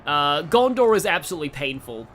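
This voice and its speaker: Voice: medium pitch, big pitch swings, brisk, fairly bright tone, soft background music. A let's player giving casual, rambling gameplay commentary full of digressions.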